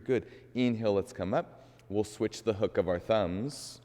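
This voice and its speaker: A man leading a guided yoga class, calmly cueing each breath and movement. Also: fairly low pitch, a little slow, long reverb tail. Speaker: yoga instructor.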